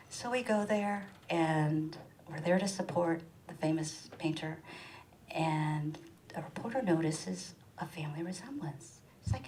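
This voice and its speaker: A middle-aged woman performing a stand-up comedy monologue in a small room, animated, and jumping high in pitch when she acts out other people's lines. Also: normal speed, slight background noise, rough recording. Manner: animated, acts out quoted voices with big pitch jumps.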